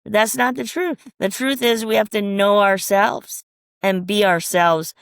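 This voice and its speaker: A woman from Minnesota, a transformation coach, telling lively stories in an interview and acting out what people said. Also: medium pitch, measured pace, smooth, no room sound, studio quality. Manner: animated storyteller acting out quoted voices. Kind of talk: storytelling interview answers.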